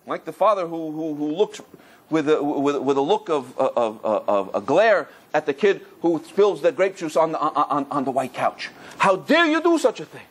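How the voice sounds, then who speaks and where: Man, rabbi, storytelling lecture, slightly high voice, husky, lively, stumbles and restarts. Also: normal speed. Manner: animated storyteller, acting out voices, many restarts.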